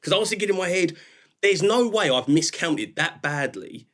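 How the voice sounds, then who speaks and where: A man in his thirties chatting casually as a guest, telling lively stories, laughing often and acting out his own reactions. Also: high-pitched, moderate pace. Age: 30s. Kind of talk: casual chat.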